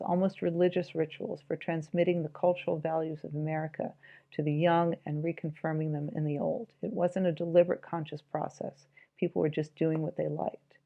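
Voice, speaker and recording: A woman's voice: lowish voice, creaky, mellow, muffled recording. A woman giving an informal, reflective spoken commentary on a book, musing aloud and reading passages from it.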